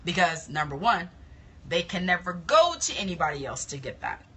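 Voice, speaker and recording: A woman's voice: lowish voice, sing-song, moderate pace, sharp tone, husky. A woman, coaching other estheticians in casual live-stream talk, confident and emphatic, often repeating her points.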